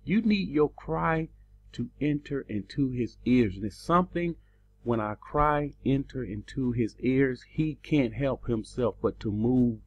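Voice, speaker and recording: A man delivering a teaching sermon, slow and emphatic, his pitch rising on the words he stresses. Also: animated, a little mellow, muffled recording. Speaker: preacher.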